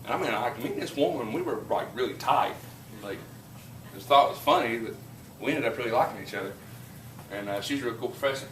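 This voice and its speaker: A man's voice: medium pitch, fast, fairly bright tone, roomy sound, recorded from a distance, slight background noise, low-quality recording. A man with a southern West Virginia accent, a chemistry teacher telling rambling, folksy stories to his class and lecturing. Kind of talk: casual classroom storytelling and lecture.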